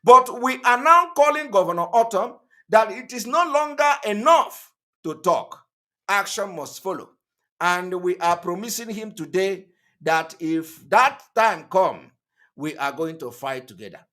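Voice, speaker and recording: A man hosting an online channel, delivering emphatic, repetitive political commentary that rises to loud outbursts. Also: high-pitched, animated, a little slow. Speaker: online TV host.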